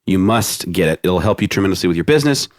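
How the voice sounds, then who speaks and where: A man's voice: sits low, lively intonation, quick pace. A man hosting a real estate podcast in a casual, jokey, rambling way with an American accent. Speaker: podcast host. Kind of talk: casual chat.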